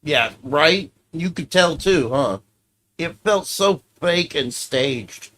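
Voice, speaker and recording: A man's voice: a little high, animated, takes it slowly, a bit bright. A man streaming casually, reacting to clips with offhand, profane commentary.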